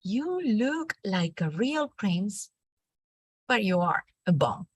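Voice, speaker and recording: A woman's voice: sing-song, takes it slowly, husky, no room sound, exaggerated voice. A woman doing a bold, cheeky storybook princess. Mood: scornful. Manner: high, exclaiming storybook voice.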